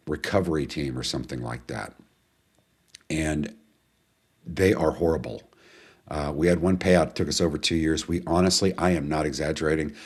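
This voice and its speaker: Deep-voiced man hosting a webinar. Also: darkish tone, breathy edge. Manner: chatty, rambling, greets viewers and answers chat questions. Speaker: webinar host. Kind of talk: casual live webinar talk.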